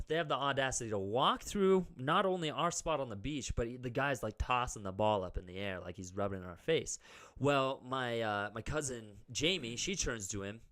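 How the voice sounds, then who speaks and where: A young man co-hosts a casual podcast and tells a long personal story. He talks in an animated way and loads his speech with "like." He jumps into loud, high acted-out quotes. His voice sits at an ordinary middle pitch. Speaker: podcast co-host.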